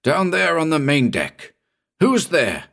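A man reading a story, voicing a stern ship's captain who shouts orders into the fog. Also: low voice, expressive, normal speed. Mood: shouting stern. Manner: shouting sternly, urgent commands.

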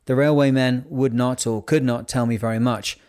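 A man narrating a novel in a measured, unhurried reading voice. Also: medium pitch, fairly even intonation, darkish tone, smooth. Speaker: audiobook narrator. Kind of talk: scripted narration.

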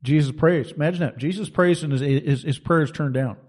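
A man's voice: a little high, a little fast, a little mellow. Emphatic, folksy male preacher. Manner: emphatic, colloquial, storytelling. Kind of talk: sermon.

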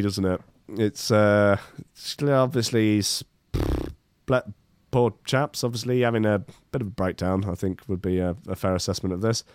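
A man's voice: medium pitch, dry recording, clean studio sound. A man reading news articles aloud and commenting on them casually, with sardonic, rambling asides.

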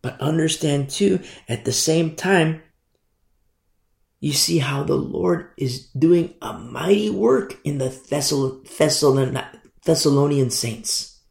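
A man preaching a Bible sermon in an animated way, acting out quoted voices and stumbling over words. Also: on the high side, takes it slowly, creaky, reverberant.

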